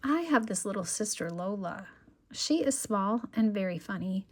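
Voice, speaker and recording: A woman gently reading a children's picture book aloud, expressive and calm. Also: medium pitch, normal speed, slight background noise. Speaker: children's story reader.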